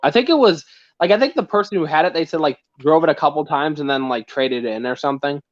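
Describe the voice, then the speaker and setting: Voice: mid-range voice, fast, highs cut off. A guest on a livestream, chatting in an easygoing way, trailing off with "so" and laughing at themselves. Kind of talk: casual livestream chat.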